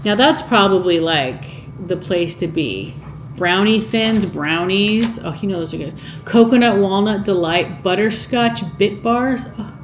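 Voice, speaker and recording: At a measured pace, the woman reads from a vintage cookbook for her casual cooking vlog, chatting, pondering aloud, and asking viewers things. Some room echo surrounds her middle-pitched voice, and a faint hiss sits beneath it.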